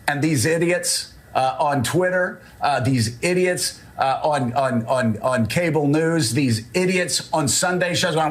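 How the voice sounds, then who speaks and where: A man gives political commentary in a somewhat high voice. He sounds blunt and exasperated. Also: a little slow, few pauses.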